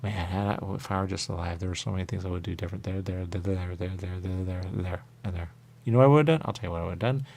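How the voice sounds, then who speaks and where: A man with a very low voice and a rough, gravelly fry, hosting a radio show. He rambles in loose circles, comes back again and again to a pet phrase, and jumps into squeaky high voices when he quotes others. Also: quick pace, darkish tone. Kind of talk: rambling spiritual monologue. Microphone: radio studio mic.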